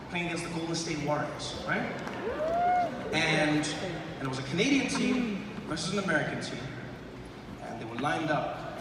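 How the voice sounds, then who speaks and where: A man doing stand-up comedy on stage in a large arena, animated and slipping into voices and sung bits. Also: a little high. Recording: echoey arena from far off, noisy. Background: crowd laughter.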